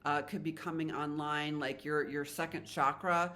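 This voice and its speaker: Tarot reader, woman, rambling and heartfelt, bright clear tone. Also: low voice, fairly even intonation, normal speed. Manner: chatty, rambling, emotional, spiritual. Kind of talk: casual tarot reading to viewers.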